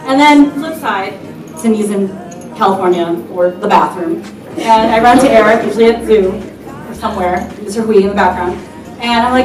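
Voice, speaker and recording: A woman's voice: mid-range voice, lively intonation, normal speed. A woman giving a chatty, laughing anniversary toast at a party. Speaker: anniversary speaker. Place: party hall. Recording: echoey room from far off. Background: music and guests.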